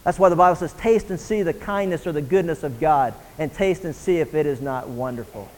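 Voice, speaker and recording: A man's voice: on the high side, fairly quick, long reverb tail, poor audio. A man preaching a sermon as a pastor, earnest and rising in intensity on key points. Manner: earnest preaching, rising and pressing when emphatic.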